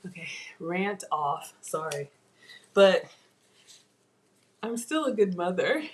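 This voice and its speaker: A woman's voice: fairly low pitch, very animated, unhurried. A woman hosting a live home cooking class, chatty and self-teasing as she talks to viewers from her kitchen. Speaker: cooking show host.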